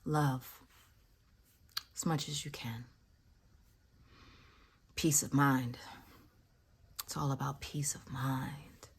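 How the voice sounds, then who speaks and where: A woman's voice: rumbling low, steady tone, very slow, creaky, pauses often, husky. A woman telling a personal story in a casual, reflective way, often dropping into whispers for emphasis. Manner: reflective, spiritual musing.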